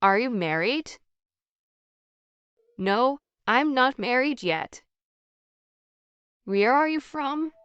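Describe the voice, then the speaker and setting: Very slow, crisp woman's voice. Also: a little high, lively intonation, fairly bright tone, dry recording, lo-fi sound. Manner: slow, evenly paced, carefully articulated. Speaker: English practice dialogue voice. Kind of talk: scripted conversation reading.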